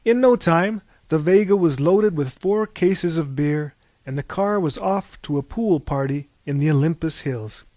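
A man's voice: on the high side, unhurried, hardly any pauses, dark tone, no room sound. A man reading an audiobook in a wry, mock-epic storytelling tone. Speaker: audiobook narrator. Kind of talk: scripted narration.

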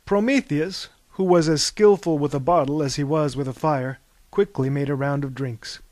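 A man reading a comic story aloud in a slow, deadpan manner. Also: fairly high pitch, no echo. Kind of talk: scripted narration.

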